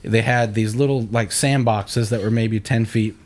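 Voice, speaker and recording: A young adult man, a church audio engineer, telling stories in a casual interview and acting out quoted lines in a raised voice. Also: moderate pace. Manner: animated, acts out quoted voices with a higher pitch.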